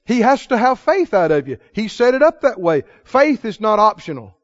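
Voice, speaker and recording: High-voiced man preaching, dull lo-fi recording. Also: big pitch swings, normal speed, no room sound. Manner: chuckles often, swings from hushed storytelling to loud proclaiming. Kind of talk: sermon.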